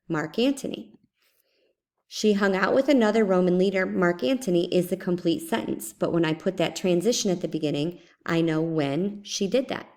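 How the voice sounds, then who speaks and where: Woman teaching in a screencast, low-pitched. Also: darkish tone. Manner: explains step by step, repeating example sentences aloud. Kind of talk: screencast lesson.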